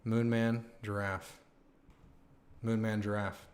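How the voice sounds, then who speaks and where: A young man hosting a live stream, chatting casually with his viewers, excited and slangy, swearing and saying "man" and "dude" a lot. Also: fairly low pitch, slow pace. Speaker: livestream host.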